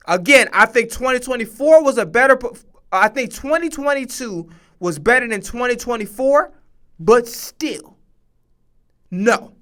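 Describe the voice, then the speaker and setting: A man's voice: high-pitched, pushed and bright, clear, resonant tone. Heated, swearing streamer man. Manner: heated, emphatic, repeats himself, swears a lot. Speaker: streamer reacting to a sports show. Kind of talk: profane casual reaction commentary.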